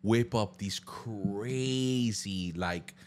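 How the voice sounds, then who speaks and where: A man's voice: on the low side, drawn-out words. A young man co-hosting a podcast, chatting casually with lots of slang and laughter. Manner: animated, laughing, slangy banter. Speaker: podcast co-host. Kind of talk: casual chat.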